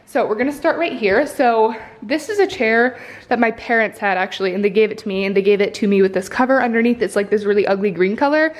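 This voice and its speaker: A woman's voice: medium pitch, quick pace. Chatty young woman touring her apartment. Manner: chatty, upbeat, lots of "um" and "like". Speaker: vlogger. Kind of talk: casual apartment tour vlog. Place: indoors at home, walking through an apartment.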